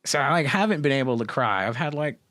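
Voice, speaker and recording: An animated young man talks horror films on a podcast. He rambles fast and emotionally, with lots of swearing. His voice sits at a middle pitch, and the dry close mic leaves no room sound. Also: no room sound. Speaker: podcast co-host. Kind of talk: casual chat.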